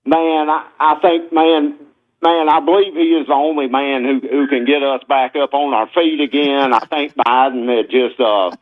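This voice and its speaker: A caller from Alabama puts on a drawling good ol' boy with a thick Southern accent, talking in hick slang. The voice sits a touch high. It comes through a thin, tinny phone line. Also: steady tone, normal speed, lightly acted. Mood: folksy. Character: folksy Southern male Trump supporter, slow-witted good ol' boy.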